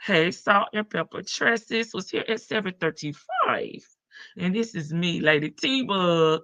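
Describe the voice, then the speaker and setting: A woman hosts a casual live stream from her front porch, greeting her chat viewers by name. Her morning voice is heavy and gravelly, and she talks at an unhurried pace with a bright edge. The sound is dry and a little muffled. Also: lowish voice, animated, dry recording.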